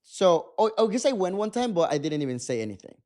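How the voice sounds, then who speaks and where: A man's voice: high-pitched, fast talker. A man, a guest telling a personal story in a casual interview, acting out what people said. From Mexico. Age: 20s. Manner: animated storytelling, acting out dialogue. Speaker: guest photographer.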